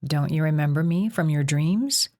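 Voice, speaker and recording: A woman reading an audiobook, voicing a young male god of sleep who speaks softly and calmly. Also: sits low, moderate pace, natural voice. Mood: gentle. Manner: soft, calm, hushed.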